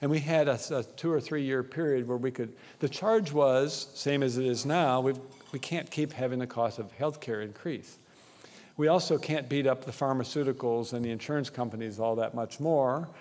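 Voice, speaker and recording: A man's voice: medium pitch, normal speed, a little mellow. Guy giving a conference talk, chatty, keeps checking in with the crowd, big echoey hall. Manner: conversational, keeps asking "right?". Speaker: conference speaker.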